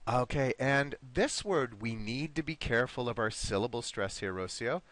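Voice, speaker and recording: A man's voice: medium pitch, expressive, moderate pace, fairly bright tone. A man teaching an online English lesson, patiently encouraging his students and modeling pronunciation word by word.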